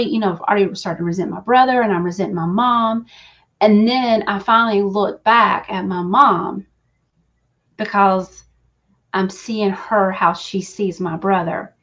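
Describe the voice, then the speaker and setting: A woman with a drawl hosts a live reading stream, sharing family feelings openly and chatting to viewers with easy laughter. Her voice sits at a middle pitch. The stream audio is a little muffled and lo-fi. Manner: emotional, confiding, says y'all, breaks into laughs. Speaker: reader on a live show. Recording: slightly dull, lo-fi stream audio.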